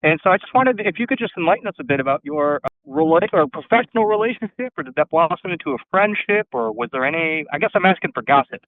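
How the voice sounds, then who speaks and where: A man's voice: a little high, lively intonation, fast, hardly any pauses, dry recording. A man from the audience asking a long, rambling question over a video call and searching for his words. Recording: tinny phone-like line.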